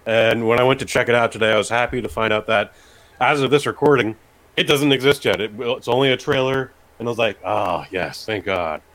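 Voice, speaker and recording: A man's voice: mid-range voice, fairly even intonation, fast, a bit bright. A man co-hosting a podcast in casual chat, laid-back with dry reactions. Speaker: podcast co-host.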